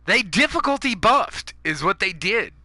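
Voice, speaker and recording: A man's voice: high voice, big pitch swings, moderate pace, sharp tone, dry recording. A man ranting over gameplay, profane and fired up, going after other players' habits. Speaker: gaming YouTuber.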